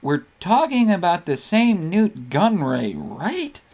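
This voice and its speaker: A man's voice: high-pitched, wildly swooping pitch, slow, gravelly, a little mellow, full character voice. A man voicing a young handmaiden who answers with dry disbelief. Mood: incredulous.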